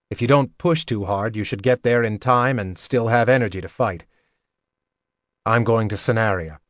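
A gruff old assassin mentor lays out his warnings, voiced by a man, dry and measured with a middling pitch. The sound is close and dead, with no reverb. He gives orders with calm authority. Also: lightly acted.

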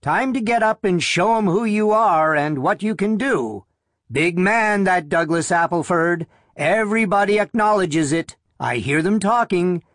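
A man reading a story, voicing a pushy mechanical alarm clock that coaxes and flatters. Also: sits high, unhurried, no echo, clean studio sound, pitched above the performer's own voice. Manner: insistent, coaxing flattery. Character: bossy mechanical alarm clock, sharp-voiced.

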